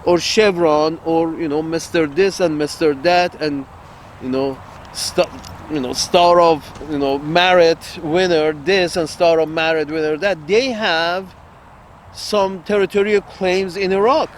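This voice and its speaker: Guy rambling outdoors, slow and crude, kinda high voice, faint traffic behind. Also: steady tone. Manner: blunt, crude, repeats himself, laughs at own jokes. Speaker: online commentator. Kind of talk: rambling political monologue.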